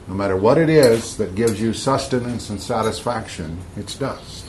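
A man's voice: fairly low pitch, moderate pace, hardly any pauses, darkish tone, slight background noise. A man giving informal Bible teaching to a group, emphatic, repeating key words and bantering with his listeners.

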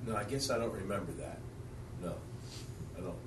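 A man's voice: lowish voice, brisk. Defensive, worked-up man off mic. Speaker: Bible study participant. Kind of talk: heated argument. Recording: roomy, distant, faint noise.

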